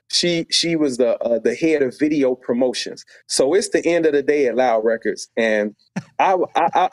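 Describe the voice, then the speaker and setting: Animated storyteller man from Chicago. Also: mid-range voice, no echo. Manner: animated, acts out quoted voices. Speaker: guest. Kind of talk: storytelling in a podcast interview.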